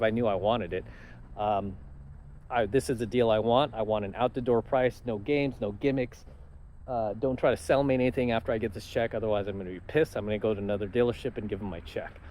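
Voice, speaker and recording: A man's voice: on the low side, quick pace, a little mellow, slight background noise, poor audio. A man telling stories in a casual vlog, confident and matter-of-fact. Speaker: channel host.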